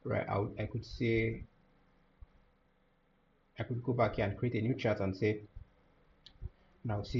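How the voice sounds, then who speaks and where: A man teaching a software tutorial over a screen share, thinking aloud with many fillers and restarts. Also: fairly low pitch, level tone, unhurried, long pauses, dull audio, a little hiss or hum. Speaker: course instructor.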